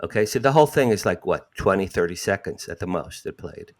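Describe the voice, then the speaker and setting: A man, telling a personal story as an interview guest, acting out quotes with sudden jumps in pitch. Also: animated, a little fast.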